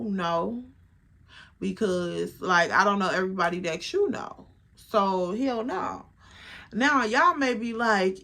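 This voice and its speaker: A woman in her twenties telling a casual storytime, animated and profane. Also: mid-range voice, takes it slowly. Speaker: vlogger.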